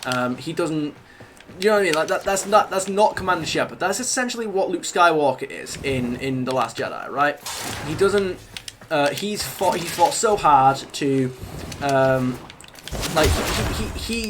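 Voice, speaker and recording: A young man streaming a game, chatting casually in a rambling, halting way. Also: a little high, expressive. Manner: rambling, halting, talks over gameplay. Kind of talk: casual gaming stream chat. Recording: noisy background.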